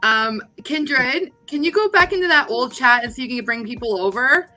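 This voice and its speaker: A woman's voice: high-pitched, moderate pace, sharp tone, faint music behind. A woman from Canada, a guest talking casually about her paranormal channel. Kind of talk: casual interview chat.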